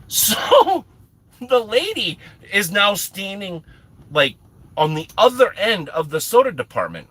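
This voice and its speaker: A man's voice: mid-range voice, big pitch swings, normal speed, sharp tone. A middle-aged man telling a rambling, self-mocking story to his chat, with lots of restarts. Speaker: streamer. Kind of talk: casual storytelling to live chat.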